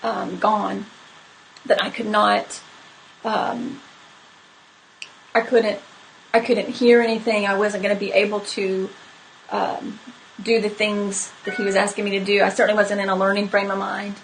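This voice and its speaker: A woman's voice: medium pitch, little pitch movement, unhurried, gravelly, long pauses, a little hiss or hum, poor audio. A woman telling a personal story to live viewers in a candid, conversational way, with many fillers. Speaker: horse trainer hosting a live stream.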